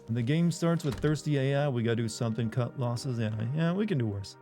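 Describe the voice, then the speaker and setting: A man hosts a live game stream and keeps up a wry, joking commentary. He reads in-game messages aloud in a mellow, relaxed voice. Faint music runs underneath. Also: mid-range voice, brisk.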